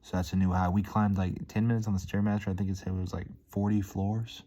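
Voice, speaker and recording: Deep-voiced laid-back guy saying dude. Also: level tone, fast, hardly any pauses, warm tone. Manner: laid-back, peppers talk with "dude" and "man"; easily hyped, upbeat storytelling. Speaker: vlogger. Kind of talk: casual rambling monologue.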